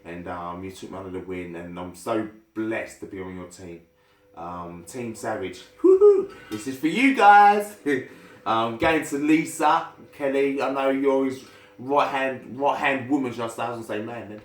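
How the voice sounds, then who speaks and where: A man talking in a casual, excitable and heartfelt thank-you vlog as a bodybuilder. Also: mid-range voice, moderate pace. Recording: roomy echo.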